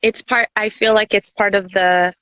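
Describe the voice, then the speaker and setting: A woman's voice: mid-range voice, fairly even intonation, normal speed, a bit bright, dry recording. A woman coach hosting a video call interview, encouraging and reflective with her guest. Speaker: host, coach.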